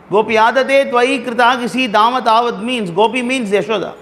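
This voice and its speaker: Guy with a high voice giving a sermon, explains each verse word by word, lots of repeating. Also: fairly even intonation, a bit bright, slight background noise. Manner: repetitive, explains words and verses slowly. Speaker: speaker at a temple gathering. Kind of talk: storytelling sermon.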